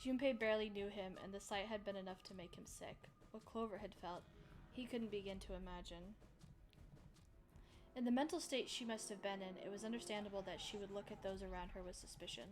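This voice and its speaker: Young woman, streamer, reads a visual novel aloud, chatty asides, mid pitch. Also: steady tone, fairly quick. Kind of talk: narration mixed with casual chat.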